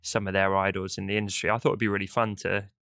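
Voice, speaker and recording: Bright-voiced British podcast host. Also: male voice, deep voice, little pitch movement, fast, vocal fry, dry recording, studio quality. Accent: British English. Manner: playful, teasing, enthusiastic. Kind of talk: upbeat podcast chat with jokes.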